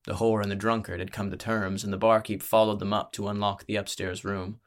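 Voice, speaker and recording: A man narrating a fantasy audiobook in a measured, steady storytelling manner. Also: lowish voice.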